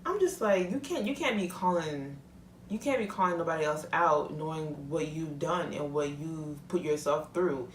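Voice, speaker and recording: A woman's voice: sits low, lively intonation, normal speed, slight background noise. A young woman vlogger in a casual, heated rant, talking bluntly and swearing freely. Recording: echoey room, mic at a distance.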